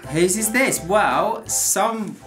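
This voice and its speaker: A woman's voice: mid-range voice, expressive, extremely slow. A British woman hosting a family vlog, chatting upbeat with her kids. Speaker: family vlogger host, mum. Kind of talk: casual family vlog chat. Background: background music.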